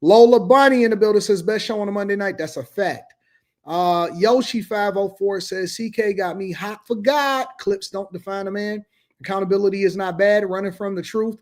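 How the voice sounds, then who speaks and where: A man hosting a livestream, reading viewer comments aloud with quick casual asides. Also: sits high. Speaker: livestream host reading chat.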